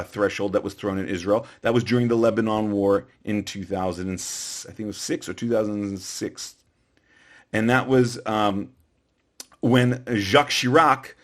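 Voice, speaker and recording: A man giving an opinion monologue as a political commentator, emphatic and repetitive, with frequent fillers and restarts. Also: mid-range voice.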